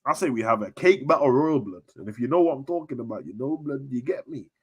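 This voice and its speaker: A young man chatting casually on a live stream about wrestling, full of slang, jumping between shouting and near-whispers. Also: medium pitch, expressive, fast talker, husky.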